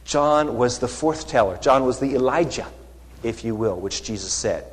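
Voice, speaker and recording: A man preaching a sermon, unhurried, acting out quoted lines with rising emphasis. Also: medium pitch, animated. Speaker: pastor. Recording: long hall reverb.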